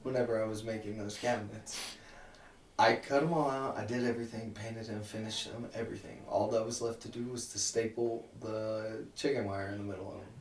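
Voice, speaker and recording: A man's voice: lowish voice, steady tone, brisk. A young man, a podcast guest, chatting casually and self-deprecatingly, swearing freely. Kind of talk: casual chat. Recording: roomy, distant mic.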